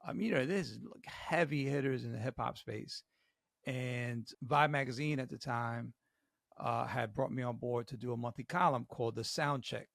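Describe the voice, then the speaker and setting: Gravelly-voiced man telling an animated story. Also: medium pitch, normal speed, dry recording, studio quality. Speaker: podcast co-host. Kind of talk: storytelling on a podcast.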